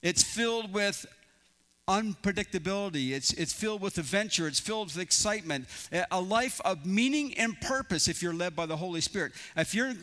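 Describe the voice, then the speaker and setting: A man's voice: sits high, lively intonation, a little fast, sharp tone. A male pastor preaching a sermon in an earnest storytelling manner, often restarting his phrases. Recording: long reverb in a large hall.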